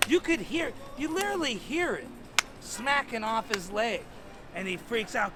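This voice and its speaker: A man telling a crude, rambling stand-up story in an animated way. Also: sits high, normal speed, very noisy. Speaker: stand-up comedian.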